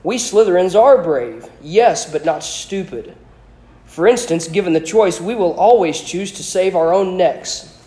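A man reads aloud as a sly, haughty ghostly professor trapped in a painting, drawling smoothly and lazily with open condescension. His voice sits a little high and he lectures the boy with scorn, all in a storybook reading. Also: lively intonation, measured pace, dark tone. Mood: mocking. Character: sly, haughty dead male professor in a portrait.

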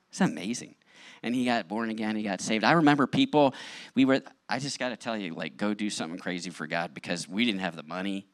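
A middle-aged male pastor telling his story in a sermon, animated, acting out what people said. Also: deep voice, dry recording. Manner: animated storytelling with acted-out quotes. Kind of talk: testimony sermon.

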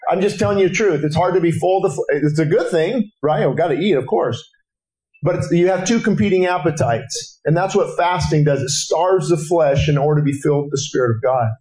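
High-voiced male preacher in an echoey hall. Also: fairly quick, darkish tone. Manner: impassioned, rising to urgent exhortation. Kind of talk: sermon. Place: breakfast gathering hall.

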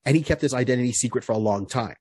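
A man's voice: medium pitch, rapid-fire, darkish tone, husky, dry recording. A man co-hosting a podcast, casually recapping a comic book hero's story, rambling with lots of fillers and restarts. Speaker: podcast co-host.

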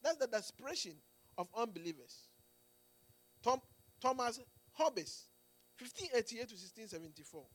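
A man's voice: extremely high pitch, sing-song, normal speed, long pauses. A man preaching a sermon in an emphatic way, often restarting phrases and checking in with the congregation. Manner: emphatic, with frequent restarts and "Amen"s and "Do you get it?".

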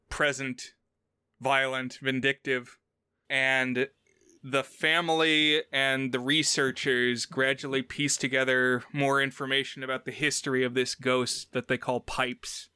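On a casual film-review podcast, a male co-host with a bright, crisp, smooth voice retells scenes animatedly, jumping up in pitch to quote characters. The recording is dry and close, with no room sound.

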